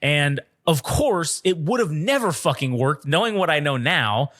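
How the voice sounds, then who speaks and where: A man co-hosting a podcast, telling a story in an animated, profane way and laughing often. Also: on the high side, unhurried. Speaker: podcast co-host. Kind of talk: casual storytelling chat.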